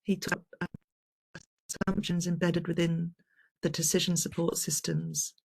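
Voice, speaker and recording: A workshop moderator on a video call, relaxed, reading questions from the chat. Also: medium pitch, normal speed, vocal fry, slight background noise, poor audio. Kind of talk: moderating online Q&A.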